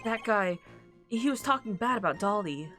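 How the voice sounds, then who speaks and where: A woman playing a jittery young man accused in a courtroom game. He stammers and trips over his words, pitched up and down by turns. Faint music hums under him. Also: expressive, normal speed, fairly bright tone, lightly acted. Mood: nervous. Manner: hesitant, stammering.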